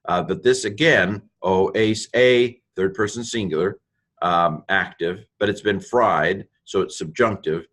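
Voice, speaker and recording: A man's voice: deep voice, unhurried, a bit bright. A man teaching a recorded lesson on Greek grammar over slides, thinking aloud, correcting himself and making playful asides.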